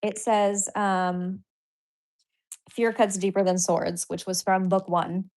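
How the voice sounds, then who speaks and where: A woman's voice: mid-range voice, level tone, takes it slowly, darkish tone. A woman hosting a casual live stream, chatting loosely with viewers, reading their comments aloud and laughing often. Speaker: livestream host.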